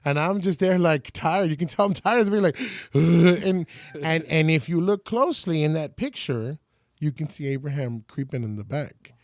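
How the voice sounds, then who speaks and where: A man's voice: on the high side, lively intonation, moderate pace, dry recording, studio quality. A man in his forties from San Antonio, a radio personality telling stories as a podcast guest and acting out other people's lines. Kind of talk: casual storytelling.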